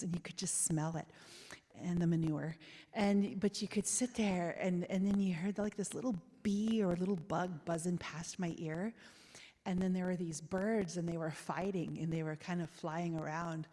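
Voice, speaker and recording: A woman with a lowish voice tells a personal story from the pulpit. Her words ring through a church sanctuary with a long, lingering reverb. She reminisces freely and breaks into small laughs along the way. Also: steady tone, moderate pace. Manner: warm reminiscing storyteller, frequent soft laughs. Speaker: guest speaker. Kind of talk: storytelling sermon.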